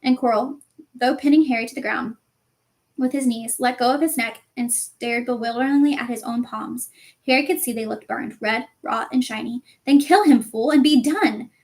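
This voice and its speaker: A woman narrating a novel aloud with expressive, dramatic storytelling. Her voice sits a little higher than usual for a woman. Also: moderate pace. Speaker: audiobook reader.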